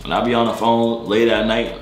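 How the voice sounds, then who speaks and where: A young man vlogging late at night, blunt and teasing in a deep, sleepy voice. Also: fairly even intonation, brisk, roomy sound, faint music behind. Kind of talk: casual video chat banter. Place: bedroom at night.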